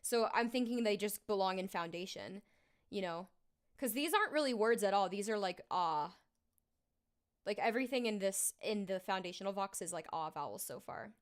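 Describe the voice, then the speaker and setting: A woman's voice: medium pitch, expressive, moderate pace. A woman singer talking casually on a live stream while recording her vocals, thinking aloud with lots of fillers.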